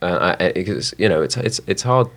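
A young man with a London accent talks in a casual interview. His voice sits very low, and he hesitates often, with fillers and restarts as he gathers his thoughts. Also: animated, normal speed, creaky. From southwest London, England. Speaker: actor, guest.

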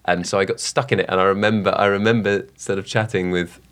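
Deep voiced actor guy on a chat show, stumbles and restarts a lot. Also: steady tone, quick pace, fairly bright tone. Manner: hesitant, lots of restarts. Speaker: actor guest. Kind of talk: casual chat.

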